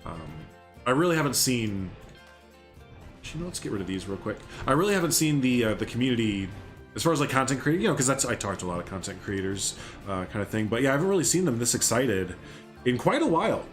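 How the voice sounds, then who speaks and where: A man's voice: mid-range voice, very animated, fast, faint music behind. A young man rambling casually on a live game stream, chatting with viewers as he builds. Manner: rambling, chatty, reads and answers chat.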